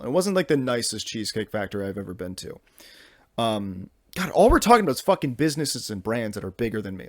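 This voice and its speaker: In a clean, dry studio recording, a medium-pitched young man in his twenties hosts a podcast, rambling through a comedic story. He sounds exasperated, keeps restarting his sentences, and swears a lot in this casual monologue.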